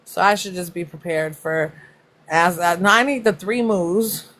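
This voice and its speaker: A woman's voice: fairly low pitch, measured pace. Woman on a livestream, laughing and cussing, just chatting loose with viewers. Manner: laughs often, swears freely, loud joking asides. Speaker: livestream host. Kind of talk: casual live chat reacting to comments.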